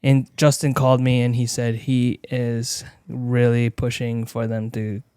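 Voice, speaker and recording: A man's voice: mid-range voice, monotone, unhurried, mellow, clear, resonant tone, no echo, studio quality. A young man co-hosting a casual podcast from his living room, playful and jokey, often breaking into silly voices. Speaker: podcast co-host. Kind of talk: casual chat.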